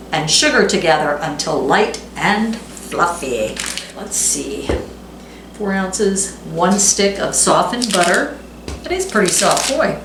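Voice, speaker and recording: Against background noise, a middle-aged woman with a higher voice hosts a home cooking video in her kitchen. She chats casually and reads recipe steps aloud, adding self-deprecating asides, while dishes clatter in the echoey room.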